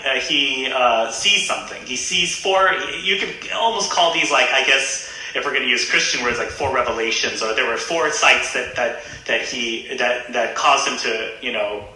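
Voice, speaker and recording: A man's voice: mid-range voice, pushed and bright. A man, a Buddhist reverend and guest, telling a story in a casual, hesitant way with many fillers and restarts. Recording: very echoey room.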